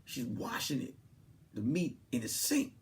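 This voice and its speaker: A man hosting a comedy podcast, telling a story in a casual, animated way and swinging from hushed asides to loud, laughing outbursts. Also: mid-range voice, a little slow. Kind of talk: comic storytelling.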